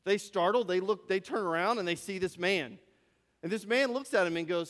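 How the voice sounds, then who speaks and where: A man's voice: high voice, brisk, fairly bright tone, long reverb tail. A man preaching a sermon, retelling a story with rhetorical questions and repeated phrases, in a church sanctuary.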